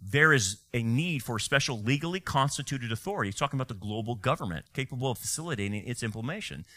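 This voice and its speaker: Bright, animated preaching man. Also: mid-range voice, fast talker. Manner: fiery, with sarcastic asides and rhetorical questions. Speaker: pastor. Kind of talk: sermon.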